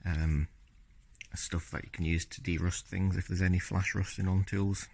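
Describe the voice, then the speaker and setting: Low-voiced man, rambling and relaxed. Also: moderate pace, gravelly. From Scotland. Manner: relaxed, rambling, many fillers and "yeah"s. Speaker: car-repair vlogger. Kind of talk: casual video diary narration.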